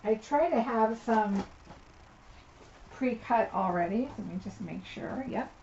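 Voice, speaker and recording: A woman's voice: fairly high pitch, lively intonation, slow, a little mellow. A woman giving a live card-making tutorial, chatting and thinking aloud as she works at her desk. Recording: slightly dull audio with faint noise.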